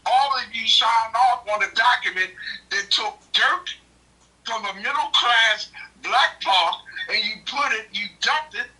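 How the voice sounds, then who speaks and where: A man's voice: very high-pitched, pushed and bright, recorded from a distance, rough recording. A man who is a regular doctor guest on a talk show, speaking bluntly and with indignation. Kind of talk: casual talk radio.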